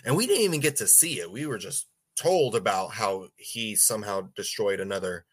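A man's voice: fairly low pitch, expressive, moderate pace, husky. A man in casual podcast chat, rambling and stumbling over his words with frequent laughs.

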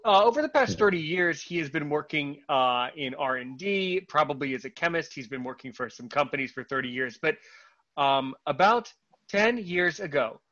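A man's voice: on the high side, a bit bright, lo-fi sound. A man hosting a podcast, greeting listeners in an enthusiastic, playful manner. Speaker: podcast host. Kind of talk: casual podcast chat.

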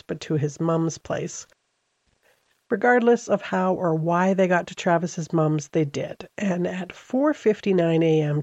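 Middle-aged woman, podcast host, true-crime storytelling, earnest and reflective, gravelly voice, dry close sound. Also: low voice, a little mellow, no room sound, lo-fi sound. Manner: earnest, reflective, with frequent ums. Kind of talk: conversational true-crime narration.

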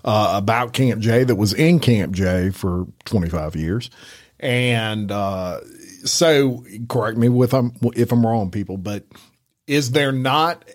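A man's voice: on the low side, takes it slowly. Blunt, emphatic male podcast host. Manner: emphatic storyteller, blunt and swearing. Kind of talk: casual chat.

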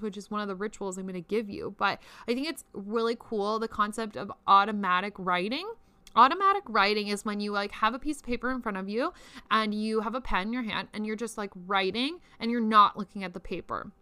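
Bright, crisp young woman podcaster. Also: mid-range voice, no room sound. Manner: chatty and profane, many "like"s, laughs often. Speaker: podcast host. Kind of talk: casual spiritual podcast talk.

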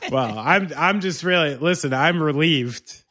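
A man's voice: fairly high pitch, unhurried, pushed and bright, no room sound, clean studio sound. A man hosting a podcast, chatting casually in a playful, teasing way. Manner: playful, teasing, mock-sultry. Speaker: podcast host. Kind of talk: casual chat.

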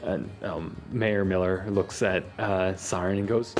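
A man narrating as game master of a tabletop game, lively and halting, with many fillers. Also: fairly low pitch, faint music behind.

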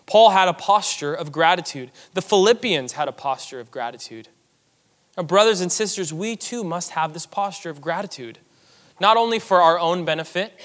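A pastor delivers a sermon in a large hall, his slightly bright, higher voice earnest and emphatic as he repeats key phrases for weight.

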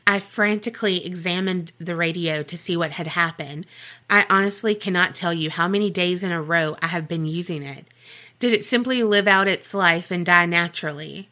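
A woman voicing a despairing old male school janitor writing a farewell letter, read slowly and gravely in a hushed voice. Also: on the low side. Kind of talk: scripted narration.

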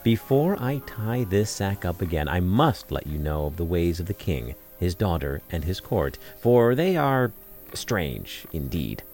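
A man voicing a cunning, quick-witted village shoemaker who talks his way out of trouble. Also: deep voice, big pitch swings, soft background music, exaggerated voice. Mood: persuasive. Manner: wheedling and persuasive, cries out loudly when tricking.

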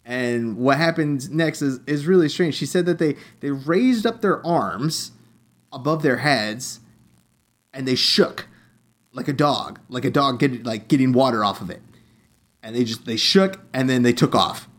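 A man's voice: mid-range voice, animated, measured pace. A young man co-hosting a casual podcast, retelling a story with many fillers and restarts. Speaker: podcast co-host. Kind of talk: casual chat.

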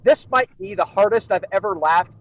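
A man's voice: high voice, moderate pace, a bit bright, lo-fi sound, a little hiss or hum. A man co-hosting a podcast, telling a story in casual chat and laughing often. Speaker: podcast co-host.

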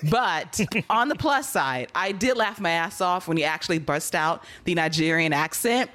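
A woman's voice: lowish voice, lively intonation, moderate pace, a bit bright. A woman hosting a casual podcast, recapping in a blunt, profane and sarcastic way. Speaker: podcast host.

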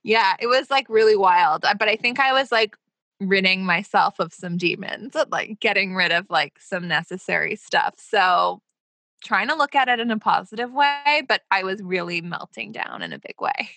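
A woman's voice: mid-range voice, normal speed, pushed and bright, no echo. A woman chatting casually on a podcast, laughing and using lots of filler words. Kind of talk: casual chat.

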